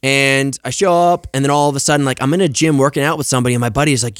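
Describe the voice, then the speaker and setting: A man's voice: mid-range voice, racing, clean tone, no echo, clean studio sound. A young man in casual podcast chat, telling stories animatedly, swearing and acting out quoted lines. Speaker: podcast guest.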